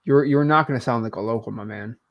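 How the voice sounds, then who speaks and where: A man in his twenties, a coach hosting a live call, relaxed and teasing, with plenty of fillers. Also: medium pitch, quick pace, vocal fry, muffled recording. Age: 20s. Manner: laid-back, teasing, with many fillers.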